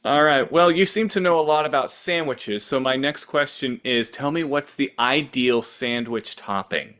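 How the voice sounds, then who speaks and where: A man's voice: mid-range voice, normal speed, a bit bright. A man co-hosting a podcast, asking playful, joking questions. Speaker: podcast co-host.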